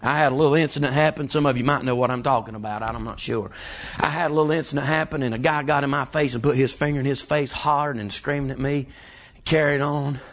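A man preaching a sermon, building from calm scripture reading to shouted climaxes. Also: mid-range voice, fast talker. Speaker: pastor.

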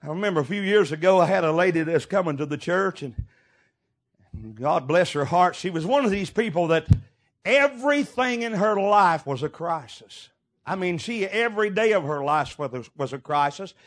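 Preacher, middle-aged man, high voice, folksy sermon storytelling with shouts. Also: lively intonation, normal speed. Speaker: pastor.

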